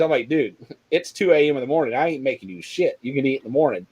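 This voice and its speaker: A middle-aged man hosting a casual podcast chat, telling stories in a profane, animated way. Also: medium pitch, quick pace, breathy edge. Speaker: podcast host.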